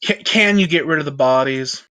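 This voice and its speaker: A man playing a tabletop role-play game, brisk and businesslike, giving orders to others. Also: fairly high pitch, bright, forceful tone, clear, resonant tone. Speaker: player.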